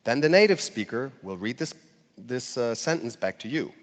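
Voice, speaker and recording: A man's voice: mid-range voice, expressive, moderate pace. Man giving a talk in a reverberant hall. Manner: conversational, with frequent fillers and light laughs. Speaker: speaker giving a talk on language learning. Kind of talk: public talk to an audience.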